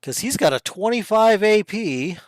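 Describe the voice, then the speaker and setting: A man narrates a tabletop game as its game master, describing each blow and roll in lively detail. His voice sits a little high and comes through smooth and clear. The sound is close and dry, with no room echo. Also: normal speed. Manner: lively descriptive narration with sudden hushed asides.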